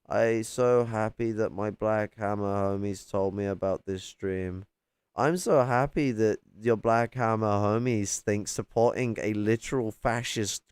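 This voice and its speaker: A man's voice: fairly low pitch, creaky, darkish tone, clear, resonant tone, dry recording. A man in a heated, profane livestream rant, mocking and arguing with chat. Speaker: livestream host.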